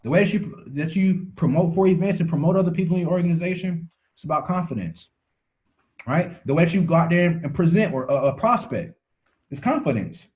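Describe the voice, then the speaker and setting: A man's voice: a little high, expressive, fairly quick, a little mellow, muffled recording. A man giving a motivational talk on a call, preachy, repeating phrases for emphasis and restarting words as he goes. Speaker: motivational speaker.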